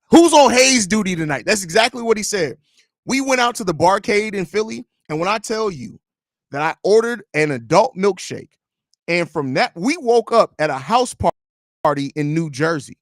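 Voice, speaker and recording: A man's voice: sits high, expressive, a little fast, fairly bright tone, dry recording. Joking man host, dry close sound. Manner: loose, joking, storytelling with swearing. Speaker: podcast host. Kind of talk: casual live-stream chat.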